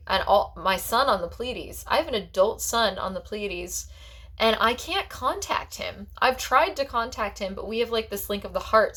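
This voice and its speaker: Rambling, heartfelt woman with a higher voice. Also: fairly bright tone. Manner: rambling and heartfelt, peppered with "like" and restarts. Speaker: psychic. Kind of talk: personal vlog monologue.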